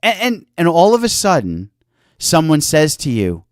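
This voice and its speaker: An earnest male health-show host gives a motivational talk, his pitch swinging up and down in a lively way. He slips into little acted-out exchanges as he talks. The sound is dry and close, with no room echo. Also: normal speed. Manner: earnest, animated, acts out little quoted exchanges.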